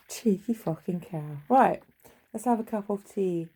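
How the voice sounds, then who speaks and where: A woman's voice: mid-range voice, measured pace, mellow, slight background noise, rough recording. A middle-aged woman chatting in a rambling, wry way at home, swearing freely. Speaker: vlogger. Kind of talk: rambling casual monologue. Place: home bedroom.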